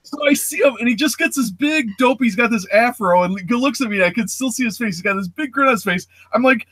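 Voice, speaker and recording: Male host in his forties, casual storyteller who acts out voices and sounds; bright, forceful tone. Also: very high-pitched, fast, no room sound. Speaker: show host. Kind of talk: casual chat.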